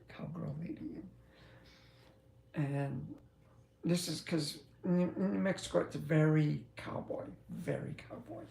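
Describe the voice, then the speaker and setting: Woman, truck driver, chatty, unhurried drawl, roomy cab echo, faint background noise. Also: sits low, vocal fry, warm tone. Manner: chatty, meandering, laughs often. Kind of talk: casual rambling chat.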